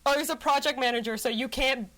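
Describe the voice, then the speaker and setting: A woman's voice: high-pitched, fast, sharp tone. A young woman guesting on a podcast, talking frankly and swearing casually. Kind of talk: casual chat.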